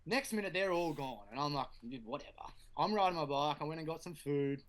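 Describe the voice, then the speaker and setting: A man's voice: on the high side, expressive, fairly quick. A man, a guest BMX rider, chatting casually and telling a sweary story, acting out quotes. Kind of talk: casual podcast chat.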